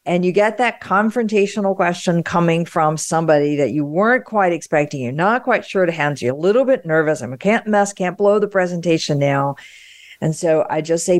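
A woman hosting a podcast interview, upbeat and conversational with quick reactions. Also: on the low side, animated, no echo, studio quality. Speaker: podcast host. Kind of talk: casual interview.

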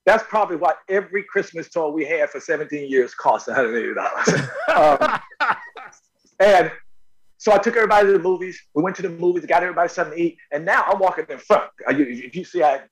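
Animated high-voiced man telling stories. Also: quick pace, rough recording. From North Carolina, USA. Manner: animated, repeats words while telling a story. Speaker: actor guest. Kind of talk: casual storytelling interview.

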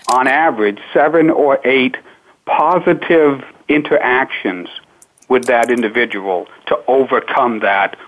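Slow-talking man on a phone line. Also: mid-range voice, a bit bright. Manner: measured, unhurried explanations with many pauses. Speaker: speaking coach, interview guest. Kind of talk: radio interview answers. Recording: narrow phone-line sound.

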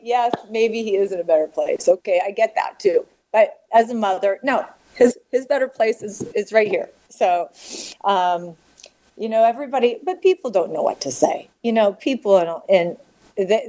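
A middle-aged woman speaking candidly as an interview guest, halting and repeating words as she talks. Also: mid-range voice, warm tone, rough recording. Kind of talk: emotional personal interview.

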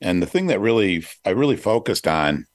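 A middle-aged man hosting a talk show, telling a personal story in an earnest, reflective way, pausing with fillers and restarting his sentences. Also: low voice, sing-song, no echo, studio quality. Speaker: podcast host.

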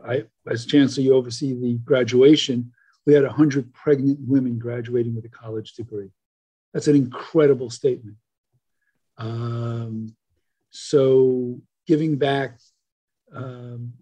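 An older man telling a story as a podcast guest, animated and full of fillers and restarts. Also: mid-range voice.

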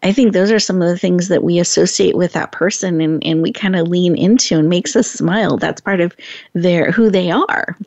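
A woman's voice: lowish voice, moderate pace, vocal fry, no echo. A woman hosting a podcast interview, asking long, affirming questions. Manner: warm, affirming, rambling questions. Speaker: podcast host. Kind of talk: conversational interview. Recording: dull lo-fi sound.

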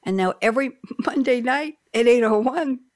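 A woman's voice: on the high side, normal speed, no room sound, clean studio sound. A woman hosting a radio talk show over a video call, telling a story with emotion and laughter. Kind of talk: casual talk show chat.

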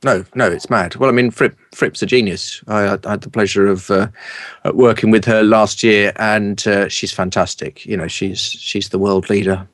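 A middle-aged English man with a low voice and a polished southern English accent, talking as an interview guest. He tells anecdotes in a lively way and laughs easily. His voice sounds close and dry, with little room around it. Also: moderate pace, dry recording. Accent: standard southern English. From East London, England. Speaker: guest, broadcaster and speaker coach.

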